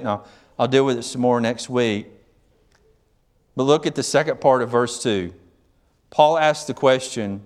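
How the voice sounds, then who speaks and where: A preacher delivers his sermon in a mid-range voice, neither high nor low. He talks to the congregation like they're in a conversation. Then he builds to forceful, emphatic questions. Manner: conversational, swings from quiet to emphatic.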